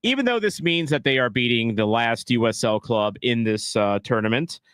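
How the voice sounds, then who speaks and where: A man's voice: medium pitch, expressive, normal speed, fairly bright tone, clear, resonant tone, dry recording, studio quality. A man casually calling a soccer match on a live stream, rambling and joking at his own expense. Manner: rambling, jokey, self-deprecating. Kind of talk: casual live play-by-play reaction.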